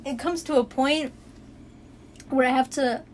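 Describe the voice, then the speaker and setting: A woman's voice: high-pitched, takes it slowly, a little hiss or hum. A young woman chatting casually on a podcast, telling stories and acting out quotes, swearing freely. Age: young adult. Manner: animated storyteller, acts out quotes, swears freely. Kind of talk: casual chat.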